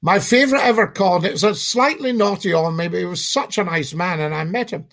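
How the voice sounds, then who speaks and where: A man's voice: sits high, fairly quick, fairly bright tone. A man, a former radio phone-in host, telling stories and acting out his callers' voices. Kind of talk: interview anecdotes.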